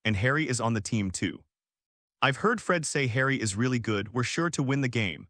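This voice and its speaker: A man's voice: mid-range voice, lively intonation, moderate pace, fairly bright tone, no echo, natural voice. A man reading the part of an eager, impatient young boy wizard student, in a dry close recording. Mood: excited.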